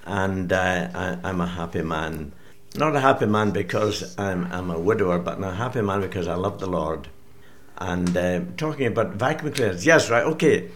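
An older Scottish man, an author and broadcaster, chatting homely in an interview and telling a story with frequent throat-clearing. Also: low-pitched, expressive, normal speed.

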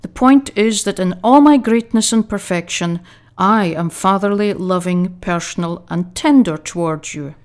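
A woman's voice: medium pitch, a little slow, a little mellow, lightly acted. God as a wry, patient deity, played by a woman. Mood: dry. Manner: dry, patient, teasing. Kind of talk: radio comedy sketch.

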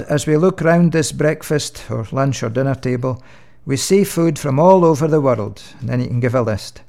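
A man's voice: medium pitch, a little mellow. A man presenting a light, playful religious talk. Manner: friendly, playful.

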